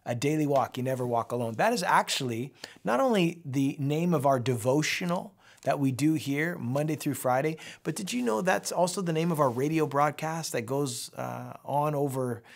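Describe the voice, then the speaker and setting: A middle-aged man, a pastor, giving a daily devotional Bible teaching in a warm conversational way, speaking to his viewers directly. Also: a little high, moderate pace, vocal fry.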